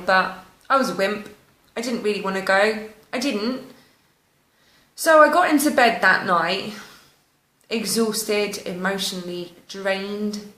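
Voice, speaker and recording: A woman's voice: mid-range voice, fairly bright tone. A woman telling her own story in a raw, candid and emotional way, swearing freely. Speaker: spiritual vlogger. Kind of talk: personal confessional storytelling. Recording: roomy echo.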